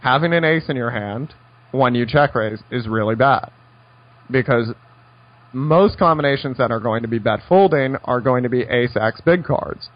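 A man's voice: mid-range voice, normal speed, highs cut off. A man teaching poker strategy in a conversational way, telling stories with dry, wry asides. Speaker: poker coach. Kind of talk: instructional poker talk.

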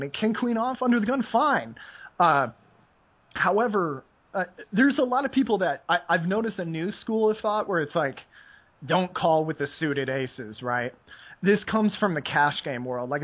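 Rambling husky-voiced young man. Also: high-pitched, muffled recording. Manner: rambling, filler-heavy with frequent "like". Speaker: poker player. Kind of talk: casual podcast chat.

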